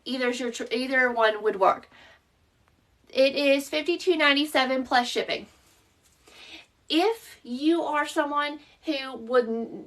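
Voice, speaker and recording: A Southern woman with a high voice hosts a live craft tutorial, talking through each step while she works. She chats easily and answers viewers by name. Her voice sounds a bit distant from the mic. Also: fairly bright tone. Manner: chatty, explains steps while working and answers viewers by name. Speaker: craft shop owner hosting a live tutorial.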